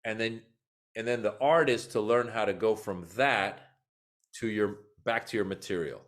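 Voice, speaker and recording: A man who is a comedian and guest on a podcast, telling animated stories that act out what people said. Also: lowish voice, moderate pace. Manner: animated, acts out quotes in story. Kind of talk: podcast interview storytelling.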